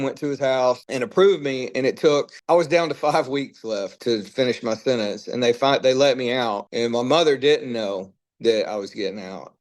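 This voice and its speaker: A middle-aged man, a guest on an interview podcast, candidly telling long stories in a relaxed, rambling way and acting out quoted dialogue. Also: medium pitch.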